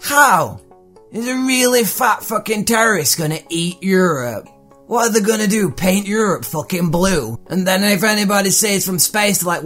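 A man's voice: high-pitched, moderate pace, a bit bright, faint music behind. A man hosting a comedy podcast, sarcastic and profane as he mocks odd news stories. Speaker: podcast host.

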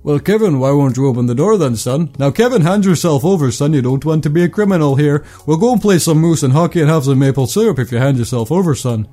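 A man's voice: sits high, big pitch swings, normal speed, a little mellow, slightly rough, soft background music, full character voice. A man voicing an overly polite male Canadian police officer who talks sternly but courteously and calls everyone son. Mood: coaxing.

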